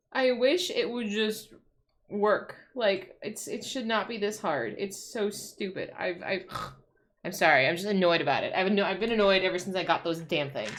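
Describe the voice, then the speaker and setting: Exasperated bright-voiced woman streamer. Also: medium pitch, slight background noise. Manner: exasperated ranting, swears, frequent likes and restarts. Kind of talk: casual livestream chat. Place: home.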